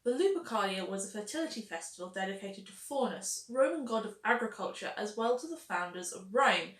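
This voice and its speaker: A woman's voice: mid-range voice, animated, fairly quick, roomy sound. A woman hosting a history video, narrating facts with wry, sarcastic asides.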